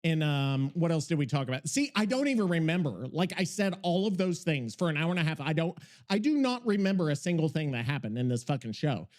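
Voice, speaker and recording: A man's voice: on the high side, big pitch swings, fairly quick, hardly any pauses. A man hosting a podcast in casual chat, rambling, profane and easily worked up. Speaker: podcast host.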